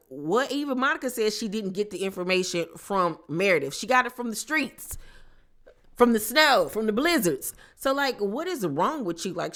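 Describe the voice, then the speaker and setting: A woman's voice: medium pitch, fairly bright tone. Sassy woman recapping reality TV. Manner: sassy, slangy, blunt. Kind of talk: casual commentary vlog.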